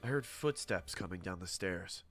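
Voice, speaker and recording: A man narrating a horror story in a steady, dramatic scripted telling. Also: low voice, normal speed, over music.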